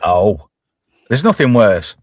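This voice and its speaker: A man's voice: on the low side, sing-song, slow pace, no echo, studio quality. Joking, rambling man hosting chat. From lived in Alberta, Canada. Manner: joking, rambling with frequent laughs and restarts. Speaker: host. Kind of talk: casual livestream banter.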